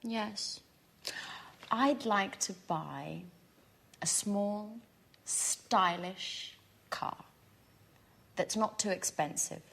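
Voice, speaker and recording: A friendly young advice-seeker. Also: female voice, mid-range voice, drawn-out words, gravelly, long pauses, a bit bright, breathy edge, exaggerated voice. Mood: earnest. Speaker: dialogue character in a language course. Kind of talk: scripted course-book dialogue.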